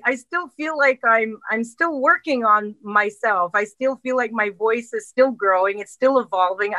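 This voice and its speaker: A middle-aged woman, a singer talking on a radio show. Her voice is bright and forward, and the sound is close and dry. She talks earnestly, circling back with restarts and fillers. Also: medium pitch, dry recording, low-quality recording. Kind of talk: casual interview talk.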